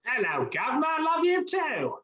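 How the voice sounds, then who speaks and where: A woman's voice: high-pitched, huge pitch swings, normal speed, highs cut off, over a noisy crowd. A woman voicing a cheerful, obliging male creature, with a put-on British accent that slips toward Australian, in an improv comedy scene. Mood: cheery. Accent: put-on British, drifting to Australian. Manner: chatty, drops casual fillers, playful.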